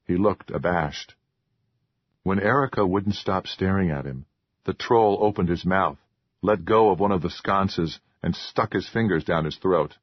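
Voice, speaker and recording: A man narrating a horror audiobook in a measured, even way. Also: deep voice, breathy edge, no room sound. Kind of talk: scripted narration. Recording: dull lo-fi dry recording.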